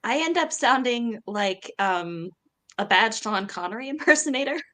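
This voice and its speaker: A woman's voice: a little high, expressive, moderate pace, pushed and bright. A woman co-hosting a podcast in casual chat, giggly and self-mocking. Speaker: podcast co-host.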